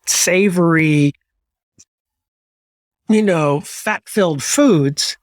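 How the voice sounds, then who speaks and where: A man hosting a podcast interview, playful and teasing, with quick asides. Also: fairly high pitch, no room sound. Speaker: podcast host. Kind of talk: casual interview chat. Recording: dry, close sound.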